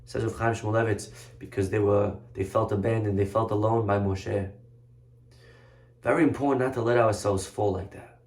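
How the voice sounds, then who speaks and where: A man, a rabbi, preaching in a lively, conversational storytelling way. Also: lowish voice, normal speed. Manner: animated, conversational, vivid storytelling. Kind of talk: sermon storytelling. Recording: roomy echoey room.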